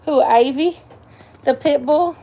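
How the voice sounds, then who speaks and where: A woman with a high, mellow voice speaks slowly as she hosts a casual live stream from home on her phone camera. She chats with viewers and coos baby talk at her dog, with slight background noise.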